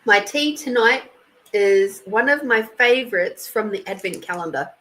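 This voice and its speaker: A woman's voice: mid-range voice, lively intonation, measured pace, fairly bright tone, poor audio. An Australian woman hosting a casual live stream, chatty and laughing often as she thanks viewers by name. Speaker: intuitive reader and live stream host.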